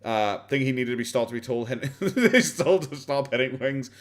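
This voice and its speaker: A man's voice: mid-range voice, expressive, moderate pace. An Irish man chatting casually on a live stream while reacting to videos. He rambles, swears and laughs often, and keeps his voice down. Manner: kept quiet, not loud.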